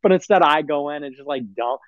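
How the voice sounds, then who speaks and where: A man's voice: a little high, brisk, no room sound, muffled recording. Dry-sounding man mocking with a laugh. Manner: mocking, laughs often, rambling with fillers. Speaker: livestream guest. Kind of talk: casual chat on a livestream.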